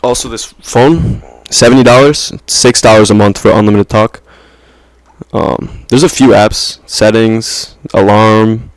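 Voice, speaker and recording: A young man talking straight to his viewers in a loose, rambling way, leaning on slang and little "you know?" checks. His voice sits on the low side and comes through dry and close, with no room sound around it. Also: fairly even intonation, a little slow, no echo. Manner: rambling, slangy, self-interrupting with "like" and "right?". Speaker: vlogger. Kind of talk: casual monologue to camera.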